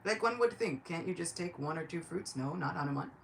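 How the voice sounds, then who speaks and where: A woman giving a devotional lecture, telling a sacred story in a lively, chatty way. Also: fairly low pitch, brisk, gravelly, slight background noise.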